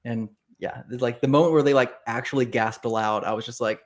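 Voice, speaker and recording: A man, an author guest in a casual interview, telling stories in an animated way and acting out the reactions he quotes. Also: medium pitch, fairly quick.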